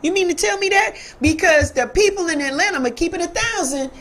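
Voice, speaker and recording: A woman, a guest telling stories in casual talk-show conversation, animated and slangy. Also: very high-pitched, quick pace. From New York. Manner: animated storyteller with street slang.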